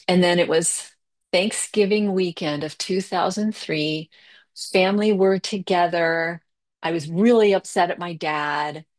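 A middle-aged woman giving a candid personal recovery share. She talks conversationally, with fillers, quick bursts and slow stretches. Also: lowish voice. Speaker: recovery meeting speaker.

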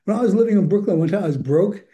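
A man's voice: sits high, rapid-fire, dark tone. An older man giving a candid, rambling recovery share, chuckling often as he talks. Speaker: recovery program speaker.

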